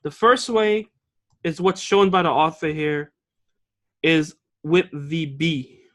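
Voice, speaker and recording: A man with a slightly high, fairly bright voice teaches grammar to his class at a slow pace. As an Arabic teacher he's patient, alternating English and Arabic and checking in with "okay?" and "all right?"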